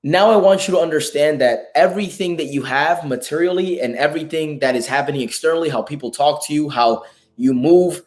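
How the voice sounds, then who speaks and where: A man with a hoarse, raspy voice giving an emphatic, profane motivational talk as host of a live stream. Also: fairly high pitch, fairly quick. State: hoarse from a lost voice.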